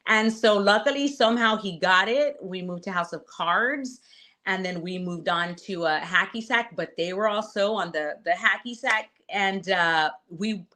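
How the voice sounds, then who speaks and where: A woman recounts a competition story in casual interview talk. She is animated and acts out what people said, loudly and with curses. Her pitch sits in the middle. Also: measured pace. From Latina. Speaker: reality show contestant guest.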